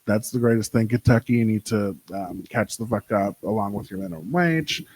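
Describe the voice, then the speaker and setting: A young man hosting his own show, chatting casually with a sassy, profane, animated way of telling stories. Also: lowish voice, a little fast, slightly rough, dry recording, low-quality recording. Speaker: podcast host. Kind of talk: casual solo chat.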